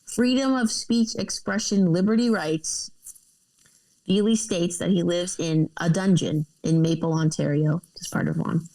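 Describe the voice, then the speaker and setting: A woman with a low, gravelly voice co-hosts a casual podcast. She reads news articles aloud and breaks in with her own offhand remarks. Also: normal speed, dark tone, rough recording.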